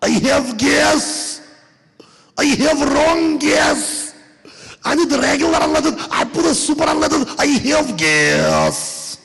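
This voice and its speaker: A man voicing a frantic foreign woman customer, wailing in a high, shrill voice. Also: expressive, slow, creaky, fairly bright tone, long reverb tail, exaggerated voice. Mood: panicked wailing.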